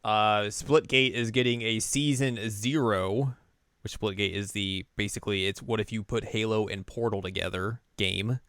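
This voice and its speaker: A man co-hosts a podcast, chatting in a laid-back way with dry asides and chuckles. His voice is lowish and fairly bright, with fairly even intonation at a moderate pace, in a dry recording.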